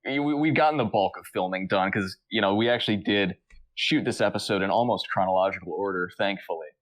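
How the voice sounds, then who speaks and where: A man with a fairly low voice co-hosts a casual comedic podcast. He spins a deadpan yarn in a halting way and often stops to restart his sentences. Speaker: podcast co-host.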